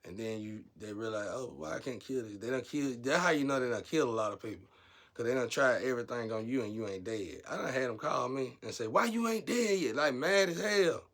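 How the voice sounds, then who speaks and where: A man giving a casual spiritual monologue, rambling and blunt, turning preachy and loud when heated. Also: mid-range voice, fast talker.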